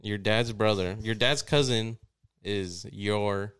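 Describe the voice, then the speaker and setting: Male co-host for casual chat, lowish voice, smooth and resonant, loose and profane. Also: fairly even intonation, slow pace, fairly bright tone.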